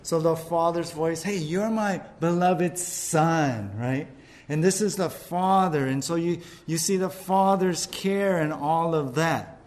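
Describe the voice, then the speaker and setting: Conversational preaching man, fairly high voice. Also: measured pace, darkish tone. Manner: repeats words, frequent "right?" asides. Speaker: pastor. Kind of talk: sermon.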